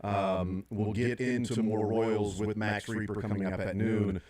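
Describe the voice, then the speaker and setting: A man's voice: on the low side, little pitch movement, unhurried, darkish tone. A middle-aged man hosting sports talk radio, rambling through his points with many fillers and restarts.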